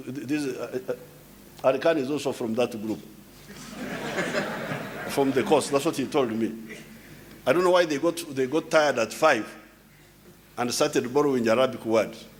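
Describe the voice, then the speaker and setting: A man addresses a crowd without a script. His pitch is mid-range, and he speaks in a lecturing way, explaining word by word. He often stumbles, restarts and repeats words. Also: a little hiss or hum. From Uganda. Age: 70s. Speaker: head of state giving a speech. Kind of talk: unscripted public address.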